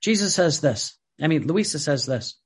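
A man's voice: on the high side, expressive, moderate pace, slightly rough. A man preaching a sermon in an emphatic, repetitive way, often restarting his sentences.

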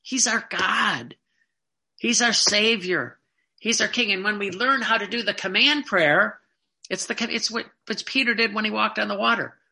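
Earnest preacher with a bright, forceful tone, pressing the congregation with questions. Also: medium pitch, moderate pace, gravelly. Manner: earnest, asks the listeners direct rhetorical questions; tells personal anecdotes with quoted back-and-forth dialogue. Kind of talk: sermon.

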